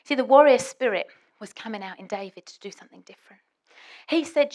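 A woman preaching a sermon in a church, dramatic and swinging between hushed and loud. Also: fairly high pitch, brisk.

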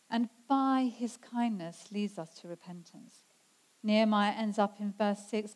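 A woman preaching a sermon in an earnest way, slowing down to stress scripture quotes. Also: a little high, a little mellow, low-quality recording. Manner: earnest, slows down for emphasis when quoting scripture.

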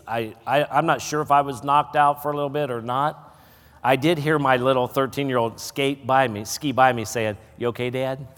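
A middle-aged man preaching a sermon, telling a folksy personal story before rising into loud preaching. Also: medium pitch. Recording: hall reverb.

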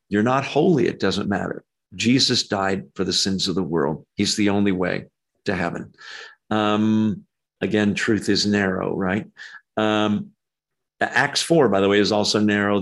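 A man preaching a conversational verse-by-verse sermon, animated and jumping his pitch up when he acts out quoted lines, with frequent ums. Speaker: pastor. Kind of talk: expository sermon.

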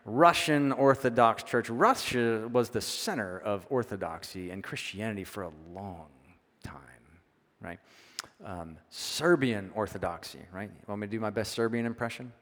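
A pastor delivers a sermon in a church sanctuary, speaking conversationally and repeatedly asking "right?" to check in with listeners. His voice is lowish and fairly bright at a normal pace, with long hall reverb on the recording.

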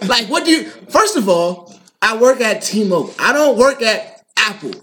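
A man with a notably high voice tells animated stories in casual podcast chat. His talk is heavy with profane slang, and he laughs his way through his own anecdotes. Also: normal speed. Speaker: podcast co-host, phone store worker.

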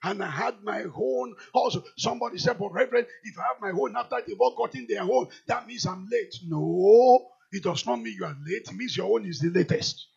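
Raspy high-voiced Nigerian preacher. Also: male voice, a little fast, hardly any pauses, dull audio. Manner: swings from quiet storytelling to shouted declarations. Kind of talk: sermon. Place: large church hall.

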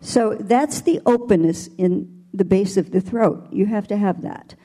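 A woman's voice: mid-range voice, a little slow, warm tone. An older woman voice teacher answers a panel question thoughtfully, explaining her methods with vivid imagery. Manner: thoughtful, demonstrative with vocal imagery.

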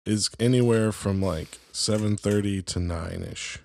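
A man's voice: fairly low pitch, a little slow, vocal fry, a little mellow. A man co-hosting a podcast over a video call, chatting casually and teasing the guest. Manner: teasing, joking. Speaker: podcast co-host. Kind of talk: casual chat.

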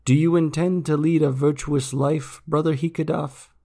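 Male reader as a zealous lecturing monk, earnest and gravelly. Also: on the high side, fairly even intonation, moderate pace, mellow, pitched above the performer's own voice. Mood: preaching. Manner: earnest, preachy, rising intensity.

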